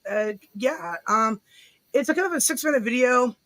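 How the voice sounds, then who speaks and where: A woman's voice: a little high, animated, normal speed, fairly bright tone, dry recording. A woman co-hosting a live podcast stream, rambling casually with restarts and loose swearing. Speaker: podcast co-host.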